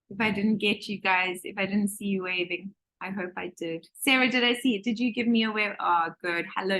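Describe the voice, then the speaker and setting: A woman teaching a manifestation course to a group on a video call, lively and acting out voices as she talks. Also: medium pitch. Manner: animated, acts out quoted voices. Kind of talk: live online group session.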